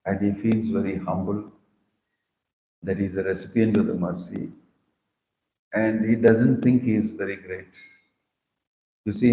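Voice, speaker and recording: A man with an Indian English accent giving a scripture discourse as a swami, telling stories and acting out the words of saints with big swings in pitch and loudness. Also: lo-fi sound. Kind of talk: sermon. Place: temple hall. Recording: echoey hall.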